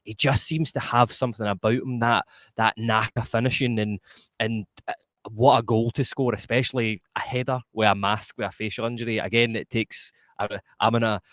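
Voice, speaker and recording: A man's voice: medium pitch, level tone, moderate pace, a bit bright, no echo. A Scottish man co-hosting a podcast, giving blunt, emphatic post-match football opinions and often stumbling over his words. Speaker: podcast co-host.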